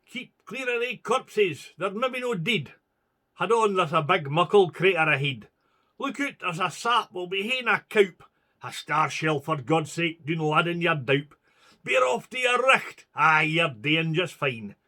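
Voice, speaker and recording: A man's voice: high-pitched, lively intonation, unhurried, sharp tone, pitched above the performer's own voice, exaggerated voice. A man voicing a wounded Scots soldier who has lost his legs, talking in broad Scots dialect, stubborn and cheery. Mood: urgent.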